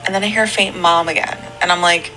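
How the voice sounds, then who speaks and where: A woman's voice: medium pitch, steady tone, quick pace, sharp tone, soft background music, poor audio. A woman and mother rambling through a creepy story from her home, full of fillers. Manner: rambling, filler-heavy talk. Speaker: parent telling a story. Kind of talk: casual storytelling.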